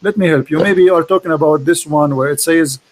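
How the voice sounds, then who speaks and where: A man with an Arabic accent and a high-pitched voice, debating on a video call. He talks in quick, mocking bursts and often repeats his words. His tone is forceful. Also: slight background noise, low-quality recording. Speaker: host, debater. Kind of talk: casual debate chat.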